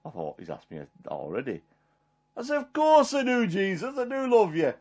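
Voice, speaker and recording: A man's voice: sits low, huge pitch swings, moderate pace, a little mellow, breathy edge, heavily acted. A man playing the apostle Peter, a homely fisherman, in a rambling, chuckling one-man Bible monologue. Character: apostle Peter, middle-aged fisherman, homely and warm-hearted. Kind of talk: dramatic character monologue.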